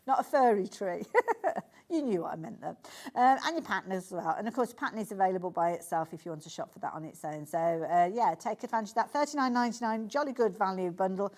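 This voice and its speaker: A woman's voice: mid-range voice, quick pace, darkish tone. Chatty Brummie woman presenting on TV. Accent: Birmingham (Brummie). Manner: chatty and enthusiastic, lots of asides and fillers. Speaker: shopping channel presenter. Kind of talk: live TV sales demonstration.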